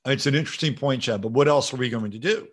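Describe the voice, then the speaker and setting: Male livestream host, mid-pitched, casual and profane, rambling while reading chat. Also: fast, slightly rough. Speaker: show host. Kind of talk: livestream talk reading viewer comments.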